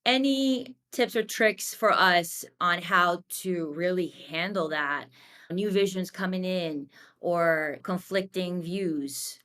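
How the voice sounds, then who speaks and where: A woman's voice: on the low side, slow pace, a bit bright. A woman hosting a podcast, asking the guest friendly follow-up questions. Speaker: podcast host. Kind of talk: casual interview chat.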